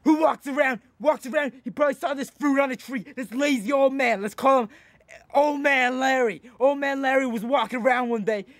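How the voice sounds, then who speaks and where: A man's voice: very high-pitched, a little fast, a bit bright, no echo. A man playing a hot-tempered, boastful eighty-year-old food reviewer who rambles and rants, repeating himself as he goes. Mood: ranting. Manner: rambling, ranting, repeats "let me tell you something". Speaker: comedy YouTuber in character. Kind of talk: comedic character monologue.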